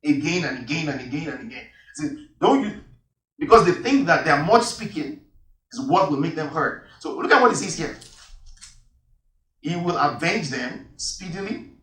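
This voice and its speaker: A male preacher delivers a sermon, reading verses aloud and driving them home by repeating key words. His voice is bright and somewhat high. It carries from a distance through a reverberant church hall. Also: very animated, moderate pace. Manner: emphatic, repeats key phrases. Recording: echoey hall, voice from far off.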